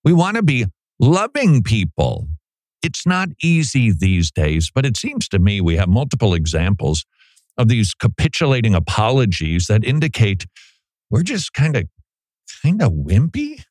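Brief: middle-aged male talk host, lower voice, lively up-and-down delivery, dry studio sound. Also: normal speed, no echo. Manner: animated, conversational, mock voices for emphasis. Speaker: Christian radio host. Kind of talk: opinion talk monologue.

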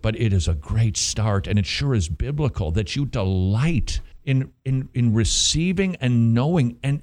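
A man's voice: medium pitch, darkish tone. A man hosting a Christian talk show, emphatic and preachy with a teasing edge. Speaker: host.

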